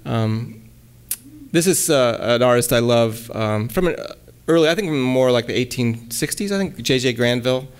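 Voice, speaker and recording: A man giving a relaxed lecture at a college, hesitating often with ums and restarts and reading his own poems aloud. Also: medium pitch, moderate pace, clear, resonant tone. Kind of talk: casual lecture with poem readings.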